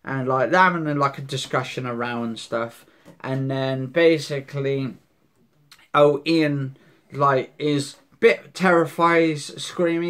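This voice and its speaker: Guy rambling thru a recap, bit high-pitched, swears a lot. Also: measured pace, a bit bright. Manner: rambling, repeats himself, swears casually. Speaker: vlogger recapping a soap episode. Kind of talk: casual spoken recap.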